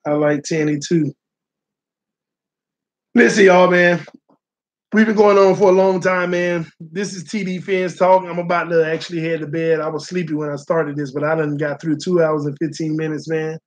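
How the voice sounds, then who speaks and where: A man's voice: a little high, flat delivery, moderate pace. A man hosting a casual live-stream sports talk show, talking animatedly and straight to his viewers. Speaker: sports channel host.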